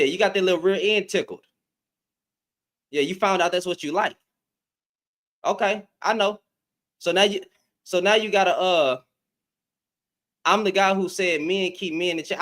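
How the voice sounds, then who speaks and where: A man's voice: high voice, a bit bright. A man hosting a casual livestream, talking straight to his chat with a lot of repetition and taunting. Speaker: livestream host. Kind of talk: casual live-stream commentary.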